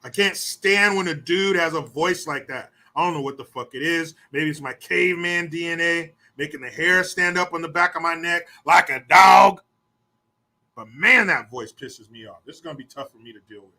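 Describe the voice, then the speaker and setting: A man's voice: fairly high pitch, sharp tone. A man hosting a podcast, telling a rambling story in a casual, profane way and swearing freely. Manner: rambling, swears often, puts on quick mocking voices. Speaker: podcast host.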